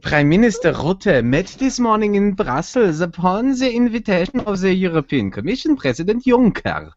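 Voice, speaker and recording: A man's voice: high-pitched, big pitch swings, moderate pace, darkish tone, dry recording, pitched above the performer's own voice. A man putting on a German accent to voice a stiff male official reading a formal statement in a mock-solemn way. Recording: dull dry sound.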